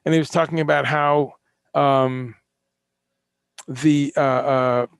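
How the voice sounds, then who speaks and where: A man's voice: medium pitch, steady tone, slow pace, vocal fry, clear, resonant tone, dry recording, studio quality. A man hosting a live-streamed solo talk, ranting with passion, swearing and firing off rhetorical questions. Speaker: host.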